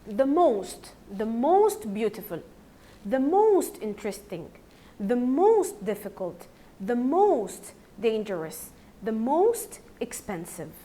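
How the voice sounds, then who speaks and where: A woman with an Egyptian accent teaching a primary school English grammar lesson, slowly repeating word forms so children can follow. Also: fairly high pitch, very animated, dark tone. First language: Arabic. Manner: slow, repeats words for drilling.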